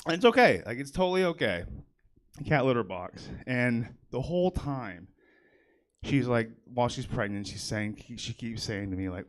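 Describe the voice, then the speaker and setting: A man's voice: medium pitch, animated, normal speed. A young man performing a stand-up set on a comedy theater stage. He chats with the crowd and talks with lots of fillers and a self-deprecating manner.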